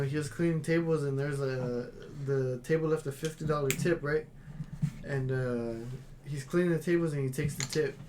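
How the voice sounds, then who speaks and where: A young man co-hosting a podcast, telling profane, animated restaurant stories and acting out what people said. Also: medium pitch, a little hiss or hum. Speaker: podcast co-host. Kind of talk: casual chat, storytelling.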